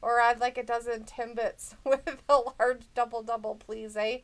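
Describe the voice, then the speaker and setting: Woman doing a goofy canadian bit, drawly fake accent, pitched a bit high. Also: little pitch movement, moderate pace, natural voice. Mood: joking. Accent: put-on Canadian. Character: jokey Canadian stereotype, friendly.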